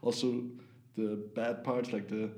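A man's voice: on the low side, little pitch movement, measured pace, a little mellow, reverberant. A man from Austria, a painter, talking as a podcast guest, hesitant and searching for words with many fillers. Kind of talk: casual interview chat.

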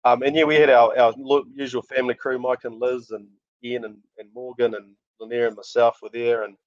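Animated middle-aged New Zealand man, dry lo-fi. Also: medium pitch, fairly quick, dry recording. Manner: animated storyteller, laughs often. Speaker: rally driver guest. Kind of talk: casual podcast interview. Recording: dull lo-fi dry sound.

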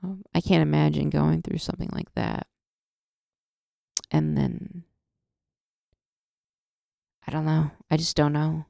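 A woman's voice: low voice, fairly even intonation, slow pace, creaky, pauses often, mellow, no echo, studio quality. A woman hosting a solo podcast, ranting in an emotional, profane way, often stopping and restarting her sentences. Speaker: podcast host. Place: podcast studio.

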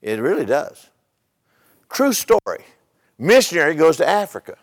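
An older man with a high-pitched voice preaches a sermon to his congregation. He keeps it chatty, stumbles and repeats his words, and slips into funny stories. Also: sing-song, normal speed, long reverb tail. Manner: conversational, repeats words, tells humorous stories. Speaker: pastor.

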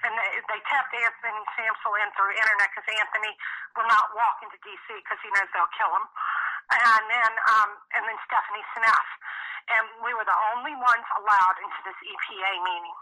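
A woman's voice: mid-range voice, steady tone, brisk, bright, forceful tone, poor audio. A woman being interviewed, telling a long story in an emphatic, rambling way full of restarts. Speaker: interview guest. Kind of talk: casual storytelling.

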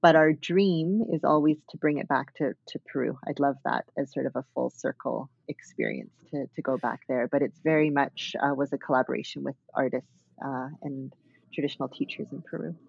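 A woman's voice: rumbling low, a little fast, vocal fry, husky, lo-fi sound. A woman dance artist talking thoughtfully as an interview guest, with many fillers and restarts. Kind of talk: reflective conversational interview.

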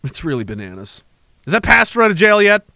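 A man's voice: sits high, wildly swooping pitch, quick pace, gravelly, sharp tone, no room sound. A man hosting a livestream, reading chat messages aloud in a rambling, profane, sarcastic way.

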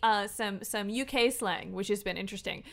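A woman co-hosting a casual gaming podcast, animated, laughing often and acting out her own reactions. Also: mid-range voice, normal speed, gravelly, a loud crowd. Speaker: podcast co-host. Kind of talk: casual chat.

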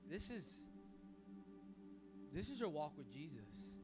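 A young man preaching an energetic sermon as pastor, casual and full of slang, swinging from hushed asides to shouting. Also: fairly high pitch, takes it slowly, loud music behind the voice.

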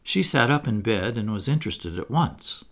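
A man narrating a classic storybook aloud in an expressive reading voice. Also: on the low side, moderate pace. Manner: expressive, wide-ranging. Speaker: audiobook narrator.

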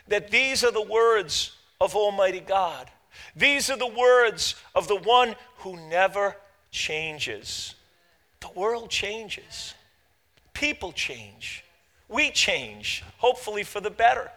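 A middle-aged male pastor preaching a sermon, with many fillers and repeated words, building from halting explanation to loud, fervent preaching. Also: sits high, sing-song.

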